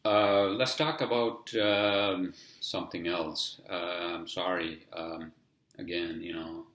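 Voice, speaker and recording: A man's voice: deep voice, fairly even intonation, slow pace, a bit bright, roomy sound. A man with a heavy accent hosting a podcast alone, rambling casually and swearing often, with many "you know" fillers. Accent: heavy non-native English accent. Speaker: podcast host. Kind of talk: casual solo podcast monologue.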